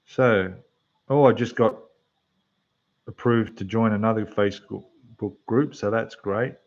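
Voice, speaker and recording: An Australian man chats loosely to his livestream viewers while building models, his voice lowish and a little rough. The sound is dull and lo-fi, and it fades a bit when he turns from the mic. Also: a little slow. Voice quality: rough, losing its depth. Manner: chatty, rambling, talks to the chat while building. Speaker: scale model livestream host. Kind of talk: casual livestream chat. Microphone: desk microphone, quieter when turned away.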